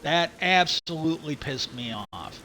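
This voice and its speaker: A man's voice: fairly high pitch, lively intonation, a little slow, pushed and bright, a little hiss or hum, low-quality recording. Angry, profane man ranting over faint rain. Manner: angry, profane, rambling with many restarts. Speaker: livestream host. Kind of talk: casual ranting monologue.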